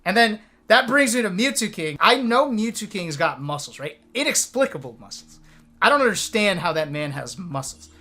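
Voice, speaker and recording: A man in his thirties, a streamer telling stories to a webcam in an animated, profane way, laughing now and then. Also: high-pitched, normal speed. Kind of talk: casual storytelling to camera.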